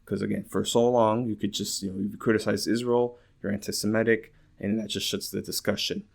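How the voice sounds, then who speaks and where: A man's voice: lowish voice, level tone, a little fast, vocal fry. A man hosting a casual political podcast, rambling with lots of filler words, swearing and incredulous laughter. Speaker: podcast host.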